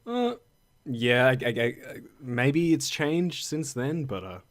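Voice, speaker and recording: A man's voice: medium pitch, big pitch swings, slow pace. Rambling, swearing man chatting. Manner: rambling, stumbling restarts, swears casually. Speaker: podcast co-host. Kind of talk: casual chat.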